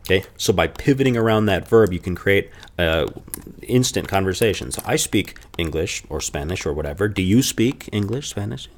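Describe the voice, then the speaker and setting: Deep-voiced man teaching a language lesson. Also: expressive, a little hiss or hum. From Chicago. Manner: explanatory, repeats example phrases slowly.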